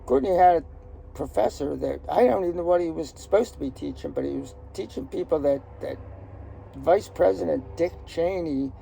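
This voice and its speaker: Gravelly older man telling stories. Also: on the high side, warm tone, slight background noise. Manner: rambling, joking, outspoken. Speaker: storyteller. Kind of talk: casual personal storytelling. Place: outdoors in a garden.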